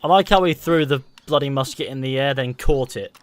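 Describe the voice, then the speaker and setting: A man's voice: mid-range voice, brisk, a little hiss or hum. Sweary streamer man, casual banter. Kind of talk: live gameplay commentary.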